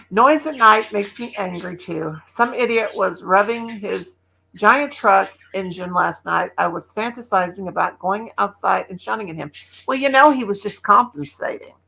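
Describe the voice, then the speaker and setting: A woman's voice: medium pitch, unhurried, gravelly, pushed and bright, husky, low-quality recording. Chatty Midwestern woman in her sixties. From American Midwest. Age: 60s. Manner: chatty, rambling, laughs often. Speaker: livestream host. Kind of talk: casual chat with viewers.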